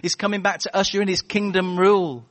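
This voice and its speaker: A man preaching a sermon in a church, animated and chatty, telling stories and acting out voices. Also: high voice, fast talker. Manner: animated, storytelling with acted-out voices.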